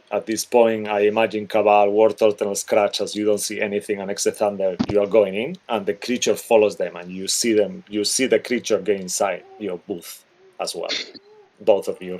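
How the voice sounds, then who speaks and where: A man's voice: on the low side, darkish tone. A man narrating as dungeon master of a tabletop game over a voice call, in a loose, rambling way with lots of fillers. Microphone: headset or desk mic on a voice call.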